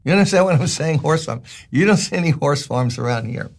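A man's voice: a little high, animated, brisk, gravelly. An older man from Brooklyn, a pastor giving a folksy, joking devotional talk that turns emphatic. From Brooklyn, New York.

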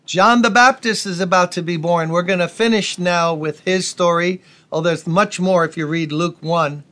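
A male pastor delivering a sermon in a notably high voice. He preaches with folksy energy and breaks off for asides to the congregation. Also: fairly even intonation, normal speed, fairly bright tone.

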